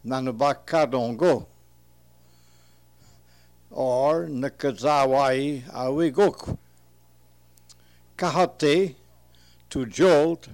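A man reads dictionary entries aloud at a very slow, deliberate pace. He sounds out each word with care and pauses between the terms. His voice sits at a middle pitch. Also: darkish tone. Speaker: reader translating an old dictionary. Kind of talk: slow reading of word lists with translations.

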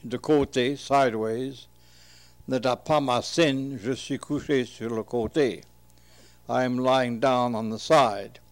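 A man slowly reading entries from an old dictionary aloud and translating them, pausing between each term. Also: medium pitch. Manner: measured, deliberate, pauses between terms. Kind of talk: slow reading of word lists with translations.

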